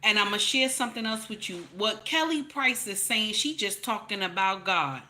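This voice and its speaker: Bright-voiced lady ranting to camera, preachy and cussing, keeps saying baby, repeats herself hard. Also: mid-range voice, lively intonation, moderate pace. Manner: preachy, blunt and profane, calls listeners "baby"; repeats points for emphasis, rising to loud outbursts. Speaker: commentary channel host. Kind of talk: emphatic opinion commentary to camera.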